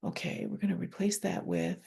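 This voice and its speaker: Woman, energy healing session, video call, calm guiding manner, dark tone. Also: fairly low pitch, vocal fry, husky. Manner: calm, slow affirmations with soft whispered repeats; asks herself questions aloud while dowsing a chart.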